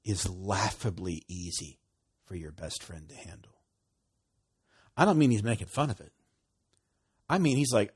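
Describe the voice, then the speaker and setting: A man preaching a sermon, reading scripture, laughing often and dropping to soft asides. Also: lowish voice, normal speed, pauses often, slightly rough.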